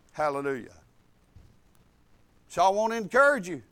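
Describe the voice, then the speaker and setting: Older preacher guy, real high voice, goes quiet then loud and bold. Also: expressive, moderate pace. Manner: swings from soft asides to bold preaching shouts. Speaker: pastor. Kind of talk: storytelling sermon.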